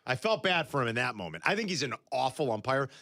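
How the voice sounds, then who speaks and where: A man's voice: medium pitch, big pitch swings, fast, bright, forceful tone, no echo. A man on a sports radio show tells a story with a voice that rises and falls widely, swinging into exclaimed disbelief. The studio sound is close and dry, with no room around him. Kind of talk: casual sports talk. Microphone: studio microphone.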